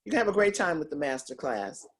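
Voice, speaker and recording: A woman's voice: low-pitched, sing-song, fast talker, husky. Woman vocal teacher on a video call. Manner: warm, affectionate with students. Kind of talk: casual video call chat.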